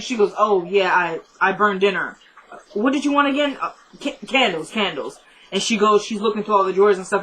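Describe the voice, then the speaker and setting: A woman's voice: medium pitch, a bit bright, poor audio. Chatty woman recapping a TV episode. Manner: retells scenes in rapid "he goes, she goes" quotes; chatty, asides to viewers.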